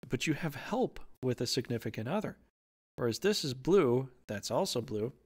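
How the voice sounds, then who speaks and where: Brief: an amateur tarot reader, casual and jokey, rambling off on silly tangents, mid pitch. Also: expressive, moderate pace, a little mellow, breathy edge. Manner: playful, rambling, goofy tangents.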